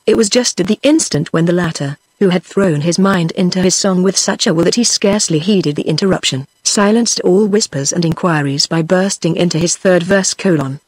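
A synthetic woman's voice with a British accent, reading a story aloud in a steady, machine-like way and sometimes speaking punctuation marks. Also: on the low side, fairly quick, hardly any pauses, slightly rough, no room sound. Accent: British English. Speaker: audiobook narrator. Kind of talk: text-to-speech book reading.

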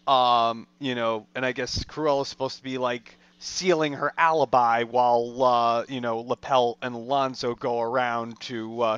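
A man's voice: medium pitch, smooth, dry recording, lo-fi sound. A man co-hosting a podcast, chatting casually about a film in a rambling way full of fillers. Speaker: podcast co-host.

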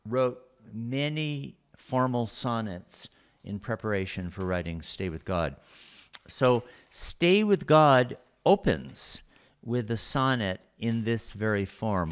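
A man with a fairly low voice gives a recorded lecture, talking through slides one point at a time. He speaks slowly and patiently, with many pauses between phrases. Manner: unhurried, explanatory, with frequent pauses.

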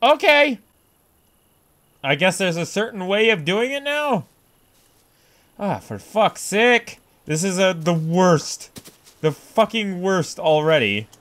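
A man doing let's play commentary, loud and profane, yelping and laughing as he plays. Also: on the high side. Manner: loud, profane, yelps and laughs while playing. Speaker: gaming YouTuber. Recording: faint background noise.

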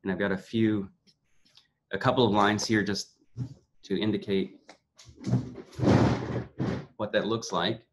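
A man leading a literature seminar over a video call. He gives an introductory lecture in a halting way, with frequent restarts and repeated words. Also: on the low side, level tone, a little hiss or hum. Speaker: seminar leader.

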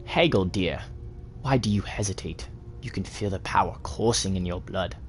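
A man's voice: deep voice, moderate pace, a little hiss or hum, lightly acted. Man doing a British-accented scheming witch. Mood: coaxing. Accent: British (put on). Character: scheming old witch writing to her daughter.

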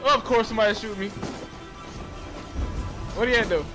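A man giving casual, profane, excitable commentary while playing a video game, trash-talking the enemies. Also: high-pitched, normal speed. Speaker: gaming streamer. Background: game music.

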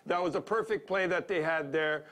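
A man hosting a hockey corner on TV, and he sounds it: blunt, excitable and ready to argue. His voice sits high for a man and jumps around as he gets worked up. He lectures the kids at home one moment and bickers with his co-host the next. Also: moderate pace. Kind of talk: sports talk banter.

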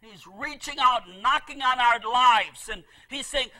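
A middle-aged male pastor preaching a sermon with passion, repeating phrases and swinging between loud emphasis and soft asides. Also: very high voice, sing-song, measured pace, few pauses, low-quality recording.

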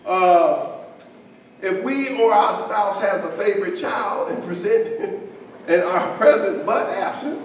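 A man preaches slowly in a high voice, loose and conversational, breaking off to joke with his congregation. The mic sits far back in a big, echoing church hall with a long reverb tail. A faint hiss runs underneath. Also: lively intonation. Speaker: pastor. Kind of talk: sermon.

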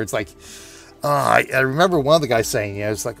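A man in his forties rambles through a fond story while he plays, laughing often and restarting his sentences. His voice sits at an ordinary middle pitch. Soft game music hums underneath. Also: fairly quick, vocal fry. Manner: chatty, laughing, many restarts. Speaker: gaming video host. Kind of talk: rambling anecdote over gameplay.

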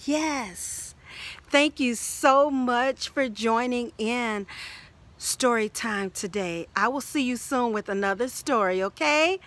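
A woman, an early childhood educator, reading a picture book aloud to toddlers in a slow, sing-song way and asking the child questions. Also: fairly high pitch, a bit bright.

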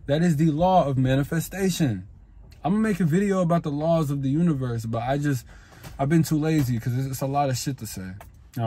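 A man's voice: on the high side, darkish tone, breathy edge, no echo. A young man giving blunt, profane, slangy advice on making friends in a casual vlog monologue. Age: young adult. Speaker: self-improvement vlogger.

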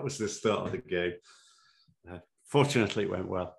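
A man's voice: low voice, a little fast, creaky. A man, telling his own stories as an interview guest, rambling with fillers and chuckling often. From Sheffield, England. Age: 70s. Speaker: interview guest, former referee. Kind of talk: anecdotal interview storytelling.

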